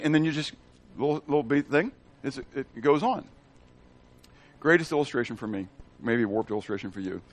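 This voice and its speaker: A man giving a Bible teaching in a conversational way, checking in with the audience and asking them questions. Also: medium pitch. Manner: asks the audience questions and repeats phrases.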